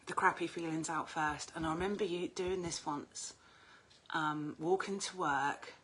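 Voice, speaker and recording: A woman's voice: sits low, unhurried, a little hiss or hum. A middle-aged woman, chatting casually on a livestream as an oracle card reader, talkative and prone to swearing. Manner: chatty, animated, swears freely.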